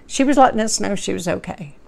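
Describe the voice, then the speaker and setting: A woman's voice: medium pitch, expressive, fast, vocal fry, a little mellow. A woman, telling a personal story to her viewers in a heartfelt, rambling, folksy way. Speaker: vlogger.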